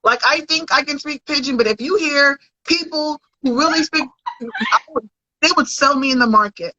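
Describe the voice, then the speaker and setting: A woman who grew up in the United States appears as a podcast guest and content creator, discussing her life in a casual interview. She speaks earnestly and conversationally at normal speed, with false starts, in a high, sharp voice. The audio is dull and dry.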